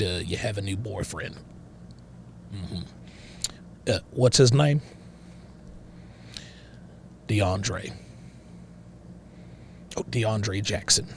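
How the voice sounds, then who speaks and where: A man voicing a bigoted, stern middle-aged backwoods father with a slow, drawling rural Southern accent and a lecturing manner. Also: on the low side, a little hiss or hum, voice pushed down. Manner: lecturing, interrogating, self-righteous. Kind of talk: improvised character voice on a livestream.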